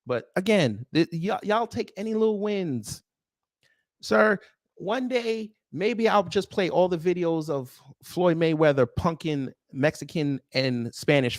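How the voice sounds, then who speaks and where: A man hosts a news commentary livestream, responding to his chat in a sarcastic, mocking and confrontational manner. His voice is a little high, captured in a dry, clean studio recording.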